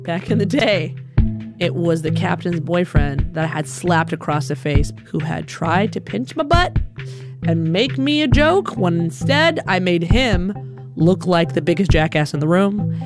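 A young woman from Alabama telling a funny personal story in an animated, conversational, self-deprecating way. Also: fairly low pitch, measured pace. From Alabama, USA. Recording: music playing underneath.

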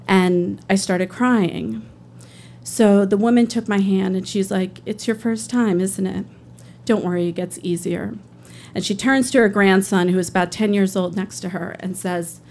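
A woman's voice: medium pitch, darkish tone. A woman and public defender telling a personal story on stage, conversational, earnest and emotional.

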